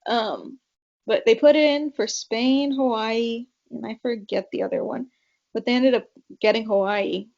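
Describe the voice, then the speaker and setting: A woman's voice: a little high, steady tone, a little slow, vocal fry, a little mellow. A young woman from California chatting as a podcast guest, telling family stories with lots of fillers and quoted voices. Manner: chatty storyteller, quotes her parents, many fillers. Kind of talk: casual interview chat. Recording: dull lo-fi podcast audio.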